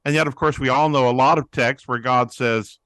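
Animated preaching man, dry close sound. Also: medium pitch, brisk, dry recording. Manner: animated preaching, acts out quoted voices. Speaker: guest, pastor-author on prayer. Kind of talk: teaching interview answer.

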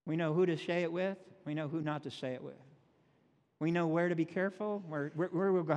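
High-voiced male pastor in echoing hall. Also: fairly even intonation, a little mellow, dull audio. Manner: reads scripture slowly, then talks plainly with folksy asides. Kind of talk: sermon. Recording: long reverb of a large hall.

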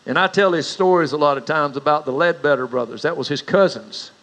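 A man's voice: fairly quick, a bit bright, poor audio. A middle-aged man preaching a sermon as a pastor, telling stories in a folksy way. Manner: folksy storyteller, rises in pitch for anecdotes.

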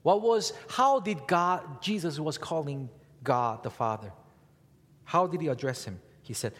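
A man preaching a sermon as pastor, speaking in an animated way and asking the congregation rhetorical questions. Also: mid-range voice, a little slow, husky. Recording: long hall reverb.

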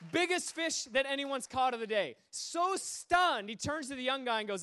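A man preaching a sermon, telling stories with lively energy and acting out the voices of the people in them. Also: extremely high pitch, normal speed, few pauses, slight background noise. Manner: animated, acts out quoted voices. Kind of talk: sermon storytelling.

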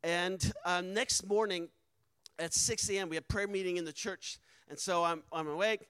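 A man's voice: sits high, fairly even intonation, moderate pace, a bit bright, smooth, no room sound, rough recording. A man, a missionary, telling a personal testimony with earnest emotion and acting out the quoted dialogue. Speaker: missionary speaker.

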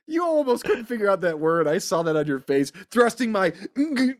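A man co-hosting a comedy podcast, talking in a casual, animated way and breaking into silly voices. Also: on the high side, a little fast. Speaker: podcast co-host.

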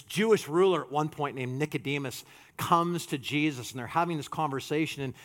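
A man preaching a sermon as a pastor, animated, swinging from loud to hushed and acting out quotes. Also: fairly high pitch, brisk.

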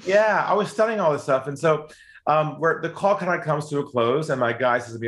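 A man telling a sales story in conversation, lively and animated, acting out the other voices he quotes. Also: brisk. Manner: lively, acts out quoted voices, rises in pitch when excited.

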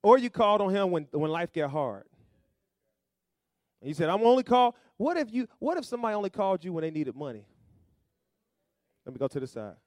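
A male pastor preaching a sermon, calling to the congregation and rising to loud emphatic bursts. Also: on the high side, sing-song, fairly quick, pauses often, no echo, clean studio sound.

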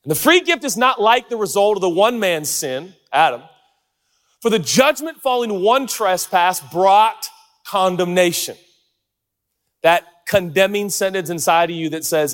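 Brief: male pastor, slightly high voice, excitable and playful, jokey sermon delivery with sudden loud bursts. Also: unhurried. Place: large church auditorium.

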